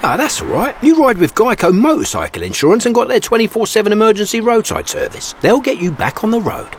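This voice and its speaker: A man's voice: high voice, big pitch swings, fast talker, slight background noise. An actor playing a helpful male riding buddy in a scripted radio ad, matter-of-fact and setting things straight.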